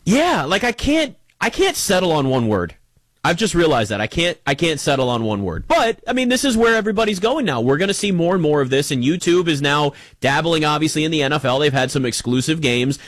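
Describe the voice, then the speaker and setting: A man hosting a sports talk show, giving a casual opinion monologue in an emphatic, animated way and speaking straight to the listener. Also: a little high, brisk, dry recording. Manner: conversational, emphatic, animated, addresses listener directly.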